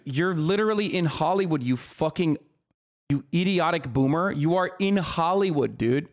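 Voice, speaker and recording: High-voiced, exasperated swearing streamer. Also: male voice, lively intonation, normal speed. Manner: exasperated, swears a lot, many fillers and restarts. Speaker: streamer reacting to clips. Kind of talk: profane reaction rant.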